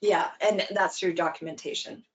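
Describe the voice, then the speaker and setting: A woman giving an earnest, emphatic webinar talk, explaining with quick examples over a video call. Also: lowish voice, fairly even intonation. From Canada. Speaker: webinar speaker, anti-bullying program founder.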